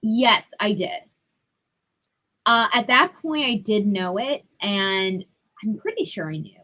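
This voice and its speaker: A young adult woman, a podcast guest, telling her story in a candid, profane and animated way. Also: medium pitch, takes it slowly, dull audio. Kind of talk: casual storytelling.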